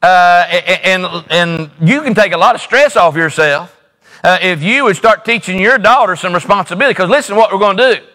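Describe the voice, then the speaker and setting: A middle-aged pastor delivers a sermon, hammering his points home through repetition and homespun stories. His voice sits high for a man and rings bright and forceful. He is preaching from a church sanctuary. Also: brisk, long reverb tail. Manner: emphatic repetition, folksy storytelling.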